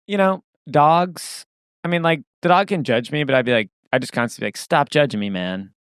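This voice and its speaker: A man hosting a casual podcast, chatty and quick to laugh. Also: a little high, expressive, fairly bright tone, clear, resonant tone, dry recording, clean studio sound. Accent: put-on Boston accent in the outro. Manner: chatty, laughs easily, reads the outro. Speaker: podcast host. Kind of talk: casual chat.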